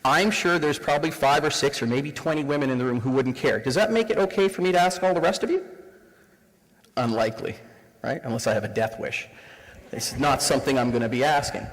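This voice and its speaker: A man's voice: mid-range voice, fairly quick. Man in his forties presenting in an echoing room. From Canada. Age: 40s. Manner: engaging, asks the audience rhetorical questions. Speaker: diversity workshop facilitator. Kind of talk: live presentation to an audience. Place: room with a live audience. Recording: reverberant room sound.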